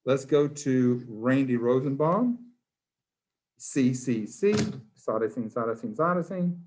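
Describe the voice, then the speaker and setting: A man's voice: medium pitch, expressive, slow, a little hiss or hum. A man, a biology teacher in his classroom, quizzing students by name in a playful, encouraging way. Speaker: high school biology teacher.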